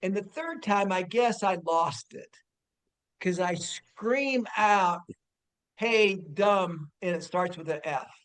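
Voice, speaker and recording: A man telling a personal story among family and friends, animated and laughing, with stumbling restarts and bursts of shouting. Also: high-pitched, slow. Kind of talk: casual storytelling.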